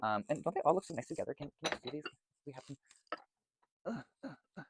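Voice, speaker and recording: A man's voice: on the high side, very animated, fast talker, very noisy. A man chatting casually and enthusiastically to camera as he shows off his candles, rambling and gushing about scents. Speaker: vlogger reviewing candles. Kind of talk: casual product chat.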